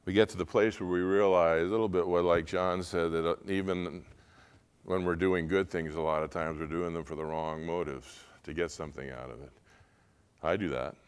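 A middle-aged male pastor preaching a sermon, earnest, moving between quiet confiding talk and loud, emotional pleading. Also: low-pitched, steady tone, normal speed, clean tone.

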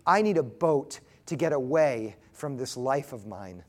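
A man voicing a tired, bitter old man in a children's story, making flat, worn-out demands. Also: mid-range voice, a little slow, pitched below the performer's own voice, natural voice. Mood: weary.

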